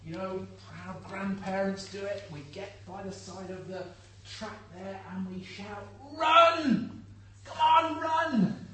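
An older man delivers a sermon, earnest and conversational, with a slightly high voice and an unhurried pace. He is picked up from a distance by the mic, in a very echoey church. A faint hum sits underneath. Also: flat delivery. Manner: earnest, conversational preaching that addresses the congregation directly. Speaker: preacher.

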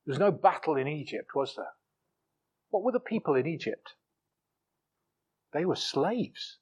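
Male preacher, higher-toned, emphatic sermon delivery with repeated words. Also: lively intonation, measured pace, breathy edge, lo-fi sound. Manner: emphatic preaching, rising to forceful peaks and dropping low for asides; repeats words and restarts phrases.

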